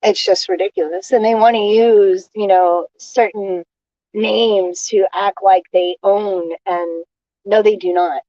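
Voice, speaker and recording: A woman vlogging a casual monologue, airing grievances in an indignant rant that stops and restarts in halting pauses. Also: medium pitch, fairly even intonation, dark tone, no room sound, highs cut off.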